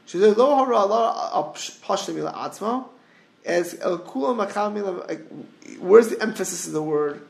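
A man's voice: high-pitched, expressive, moderate pace, vocal fry. A middle-aged man giving an informal Torah class, digressive and full of restarts. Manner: digressive, restarts often, hums melodies. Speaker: Torah teacher.

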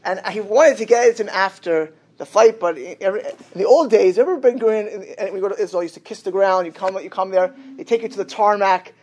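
A man's voice: high-pitched, a little fast, hardly any pauses. A man preaches to his congregation, telling a story and acting out its dialogue with feeling. He teaches as he goes and questions the listeners. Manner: animated storyteller, acts out the dialogue. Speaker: rabbi. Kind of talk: sermon with storytelling.

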